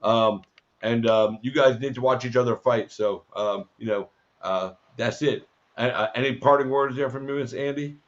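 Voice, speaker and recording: A man's voice: mid-range voice, moderate pace, muffled recording. Laid-back man hosting a fight podcast. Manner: laid-back, profane, teasing. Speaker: podcast host and fighter manager. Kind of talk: casual interview chat.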